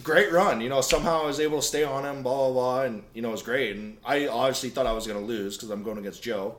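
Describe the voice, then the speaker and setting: A man, a guest on a podcast, telling a racing story in a casual, animated way with some swearing. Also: medium pitch, fast. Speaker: podcast guest, drift driver. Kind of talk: casual chat. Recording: roomy echo.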